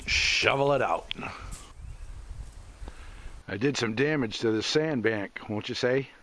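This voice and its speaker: A man's voice: mid-range voice, gravelly, fairly bright tone, slight background noise. A man hosting an off-grid homesteading vlog, chatting in a folksy way outdoors and full of country sayings. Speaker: homesteader, channel host. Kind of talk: casual outdoor vlog talk. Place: outdoors in the woods.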